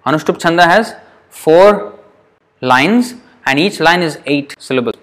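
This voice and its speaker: A man teaching Sanskrit pronunciation to a class, patient and repetitive, drawing words out slowly to demonstrate them. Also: fairly high pitch, expressive, fairly bright tone. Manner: patient, repeats words slowly to show how they sound.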